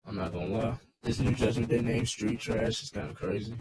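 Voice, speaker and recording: A man's voice: on the low side, steady tone, a little fast, darkish tone, husky, rough recording. A man casually recapping a wrestling show in a loose, rambling, swearing rant.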